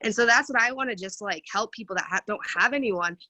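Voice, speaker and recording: A woman's voice: mid-range voice, fast, pushed and bright, dry recording. A woman in her thirties on a video call, speaking frankly and with heat about what matters to her. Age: 30s. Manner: frank and heated, speaks with feeling. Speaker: workshop host. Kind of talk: casual video-call chat.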